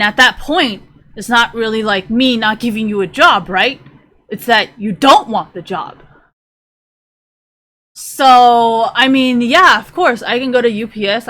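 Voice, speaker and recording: A woman's voice: a little high, pushed and bright. A woman streamer ranting to her live chat, profane and rambling, sometimes drifting away from the mic as she browses.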